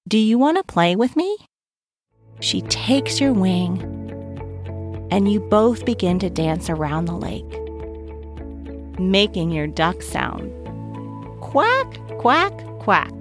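Slow, gentle woman telling a children's story. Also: mid-range voice, no room sound, studio quality. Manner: gentle, asks the listener questions.

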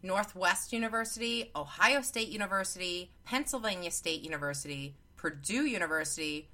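Bright-voiced woman reading crime notes. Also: lowish voice, brisk. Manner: reads from notes with chatty asides and self-corrections. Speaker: podcast co-host. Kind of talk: casual chat, reading case notes.

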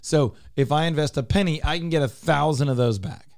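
A man's voice: on the high side, fairly quick, vocal fry, darkish tone, no room sound, studio quality. A man hosting a talk radio show, explaining his points emphatically and repeating them for clarity. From Texas. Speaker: radio show host, real estate broker.

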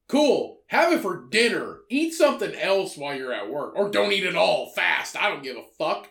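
A man co-hosts a casual podcast, delivering blunt, profane rants. His voice sits a bit high, and the room gives it a noticeable echo. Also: big pitch swings, moderate pace, vocal fry, bright, forceful tone. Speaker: podcast co-host.

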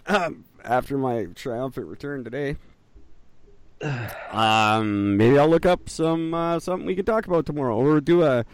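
A man's voice: mid-range voice, normal speed, smooth. A man co-hosting a casual podcast chat, rambling and self-mocking. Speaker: podcast co-host.

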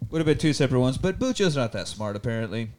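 A man's voice: medium pitch, animated, fast talker, darkish tone, slight background noise. A man hosting a casual movie commentary, laughing often and swearing enthusiastically. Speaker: podcast host.

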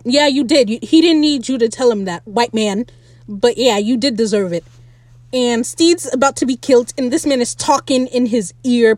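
Blunt, high-voiced young woman recapping a show. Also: normal speed, dry recording. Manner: blunt, animated, laughs often. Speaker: podcast host recapping a TV episode. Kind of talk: casual opinionated recap.

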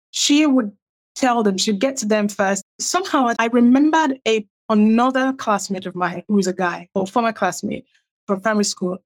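A middle-aged woman from Nigeria, a writer, telling her own story and acting out what others said in a raised, livelier voice. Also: mid-range voice. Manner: acts out quoted people with a raised, livelier voice. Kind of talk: animated personal storytelling.

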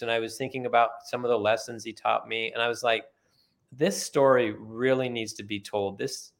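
A retired middle-aged man being interviewed, telling relaxed, anecdotal stories with many fillers. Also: medium pitch. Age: middle-aged or older, retired. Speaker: guest, author and former company sales leader. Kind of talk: conversational storytelling.

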